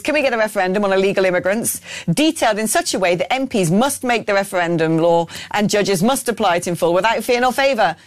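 A woman's voice: medium pitch, dry recording. A woman hosting a political talk radio show, opinionated and blunt, reading out listener messages with frequent ums and restarts.

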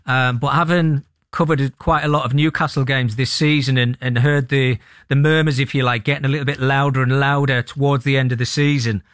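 A man speaking as a football pundit on radio, thoughtful and halting, with frequent restarts. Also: mid-range voice, steady tone, a bit bright, dry recording, clean studio sound. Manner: thoughtful, many restarts and ums. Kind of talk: sports radio discussion.

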